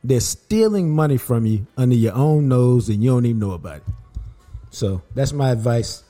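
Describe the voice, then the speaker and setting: Speaking at normal speed with a medium-pitched voice, a male podcast host tells stories in casual chat, growing emphatic and worked up.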